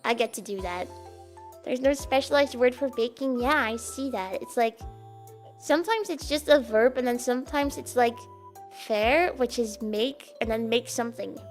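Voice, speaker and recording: High-pitched giggly Dutch woman. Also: moderate pace, soft background music. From Netherlands. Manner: playful and giggly, chatty. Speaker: streamer. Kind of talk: casual chat with live viewers.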